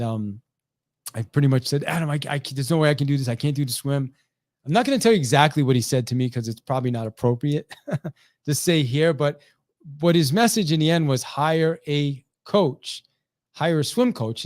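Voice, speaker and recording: A middle-aged man telling a motivational story as a sales trainer, animated, acting out the quoted lines, often restarting his sentences. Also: fairly high pitch, dry recording, clean studio sound. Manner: animated, acts out quoted dialogue, frequent restarts.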